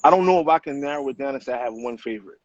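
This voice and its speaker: A middle-aged man, an author guest, telling stories in casual interview talk with animated street slang and plenty of cursing. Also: mid-range voice, racing, dry recording. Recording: muffled lo-fi sound.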